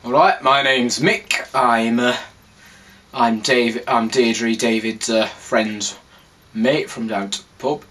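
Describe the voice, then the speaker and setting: A man voicing a gruff pub-going bloke with a put-on Yorkshire accent, speaking low, slow and mumbling. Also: fairly even intonation, a bit bright.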